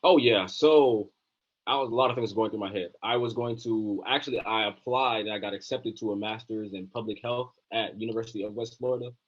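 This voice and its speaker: A young man in his twenties, a physician assistant student, telling his story in a relaxed, casual interview with many fillers. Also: fairly low pitch, a little fast. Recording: dull lo-fi sound.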